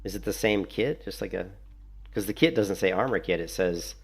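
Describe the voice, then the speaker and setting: A man's voice: low-pitched, moderate pace, creaky. A man giving casual, sarcastic gameplay commentary while he plays. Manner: chatty, sarcastic, mocking. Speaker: gaming video creator.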